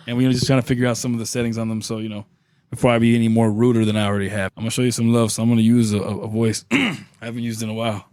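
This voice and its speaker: Male podcast host, mid-pitched voice, upbeat, jokey, quick laughs, casual chat. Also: little pitch movement, a little mellow, dry recording, studio quality. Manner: upbeat, laughs often, loose and joking.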